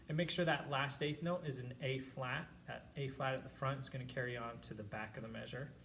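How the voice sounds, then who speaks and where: A man's voice: medium pitch, fairly even intonation, brisk, creaky, few pauses, recorded from a distance, over music, rough recording. A man teaching a school band lesson, explaining rhythms and chanting counts and syllables aloud for his students. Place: classroom.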